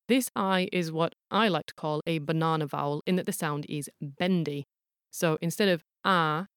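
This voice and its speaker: Female podcast host, lowish voice, playful explainer, sounds out examples, dry close recording. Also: no room sound. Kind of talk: scripted podcast narration.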